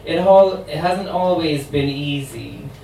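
A sassy, world-weary immortal voodoo queen, read aloud by a man at a poetry reading, taking her time over every line. The voice sits at a middle pitch and comes from some way off the mic. A roomy space adds echo, with a faint hum of ambience behind. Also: animated, slow pace, creaky, warm tone, distant mic, heavily acted. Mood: wry. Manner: sassy, wry monologue delivery.

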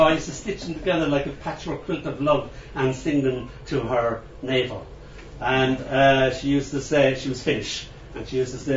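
A man tells a personal story in a gentle, tender voice that often drops low and hushed. He is picked up from a distance in a roomy space, and the recording sounds dull and muffled. A faint hiss sits underneath. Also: normal speed. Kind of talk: spoken storytelling performance.

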